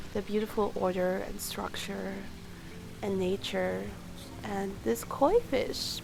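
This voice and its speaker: A woman's voice: medium pitch, vocal fry, noisy background. A young woman from Europe talking candidly in a casual vlog voice-over, chatty and emotional. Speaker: travel vlogger.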